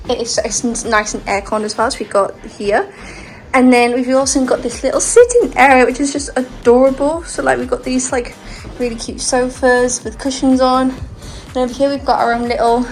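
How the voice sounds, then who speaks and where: A woman's voice: on the high side, poor audio. A young woman chatting casually and laughing often as she films a travel vlog on a handheld phone, walking around outdoors and inside a hotel room. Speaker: travel vlogger. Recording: music playing under the voice.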